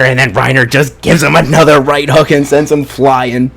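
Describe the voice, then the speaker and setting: An excitable man talks through an anime episode in a loose, casual review. He swears freely and leans on fillers as he retells the fight scenes. His voice sits at an ordinary middle pitch. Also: brisk, hardly any pauses. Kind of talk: casual spoken review and recap.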